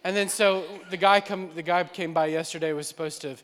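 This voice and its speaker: A young adult man, a pastor, preaching an animated sermon with laughter and acted-out dialogue. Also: high voice, brisk. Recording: long hall reverb.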